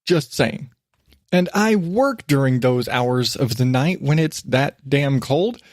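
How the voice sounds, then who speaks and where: A podcast host speaks slowly in an animated, medium-pitched voice with a darkish tone, recorded clean with no room sound. Sitting at his home desk for a casual solo monologue, he rambles, pokes fun at himself and swears now and then.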